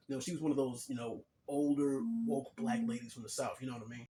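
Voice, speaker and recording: A young man talks to his viewers in an easygoing, rambling monologue, his voice sitting at an ordinary middle pitch. He fills his sentences with casual asides and speaks to the audience as if to friends. A faint hum of room sound stays behind him. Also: steady tone, fast, few pauses, warm tone. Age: young adult. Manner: laid-back and chatty, full of "like" and "you know"; addresses viewers directly. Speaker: vlogger.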